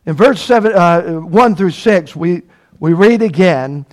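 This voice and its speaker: Male preacher, high voice, slow emphatic sermon, rhetorical questions. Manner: emphatic, repeats key phrases, asks the congregation questions.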